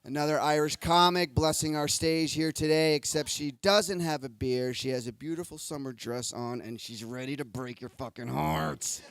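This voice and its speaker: A man rattling through roast battle results on a comedy club stage, joking crudely about each fighter and breaking into sudden shouts. His voice sits fairly high. The delivery is loose, rowdy and self-mocking. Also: moderate pace, few pauses, no echo. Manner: crude, excitable, jokey, swings into shouts. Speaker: comedy show bishop recapping fights. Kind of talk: rowdy comic recap.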